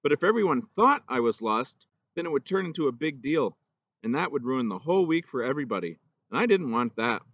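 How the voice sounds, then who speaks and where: A man's voice: mid-range voice, big pitch swings, brisk, a bit bright, highs cut off. A man voicing an earnest young schoolboy in a storybook reading, with polite, eager replies.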